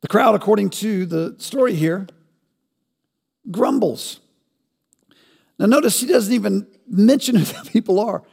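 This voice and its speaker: A man preaching a sermon as pastor, asking rhetorical questions and building to loud, emphatic peaks. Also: high-pitched, expressive, measured pace, gravelly, long pauses, slightly rough, big-room sound.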